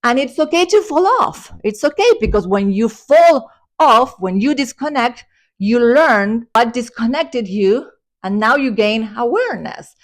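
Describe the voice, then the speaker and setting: An excited woman giving a motivational spiritual vlog talk, breathless and gushing. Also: a little high, measured pace. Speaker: spiritual vlogger.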